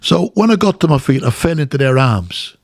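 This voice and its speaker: Dublin Irish man telling lively stories. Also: mid-range voice, a little fast, no echo, clean studio sound. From Ireland. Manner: animated, acts out quotes. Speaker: guest, former boxer. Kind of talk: casual storytelling.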